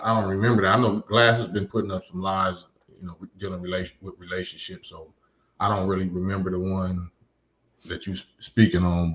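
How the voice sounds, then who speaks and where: A man's voice: sits low, fairly bright tone. A man hosting a live stream, reading chat comments and lecturing emphatically, often repeating his points. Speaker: livestream host.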